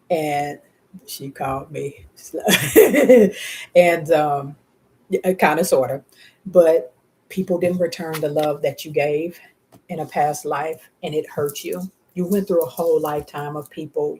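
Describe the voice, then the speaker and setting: A woman giving a live tarot reading in a casual, slangy way, speaking warmly to the viewer and to spirit guides, often breaking into laughter. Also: low-pitched. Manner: heartfelt, often laughing between words. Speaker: tarot reader.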